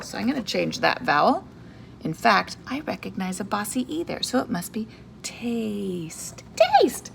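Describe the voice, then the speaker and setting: A woman teacher giving a video reading lesson to young children and their parents, in an animated, sing-song voice with playful character voices. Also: medium pitch, measured pace, vocal fry, a little hiss or hum.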